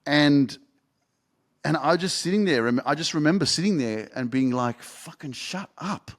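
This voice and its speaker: A man's voice: on the high side, animated, moderate pace. A young man hosting a podcast, telling a personal story in a casual, rambling way and swearing freely. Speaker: podcast host and life coach.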